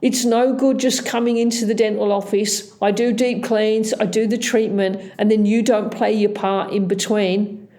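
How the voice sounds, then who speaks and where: Woman dentist, mellow tone, deliberate and emphatic, leans hard on key words. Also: mid-range voice. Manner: emphatic, lecturing, repeats key words for stress. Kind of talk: health explainer.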